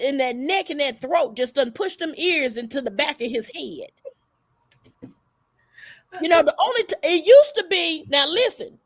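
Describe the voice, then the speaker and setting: A woman's voice: sits high, no room sound, clean studio sound. A woman hosting a livestream, gossiping in a sassy, profane, emphatic way. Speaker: livestream host. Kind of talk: casual gossip commentary.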